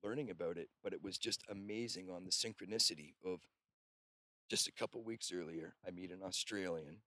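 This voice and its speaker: A man's voice: low-pitched, fairly quick, sharp tone, no room sound. A man, host of an off-grid cabin, telling long rambling stories in casual conversation and swearing now and then.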